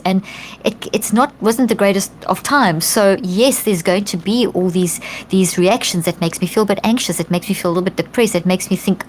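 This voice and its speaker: A middle-aged woman guest on a podcast, explaining in an earnest, animated way, often restarting and acting out quotes. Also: mid-range voice, a little hiss or hum. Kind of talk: conversational explanation.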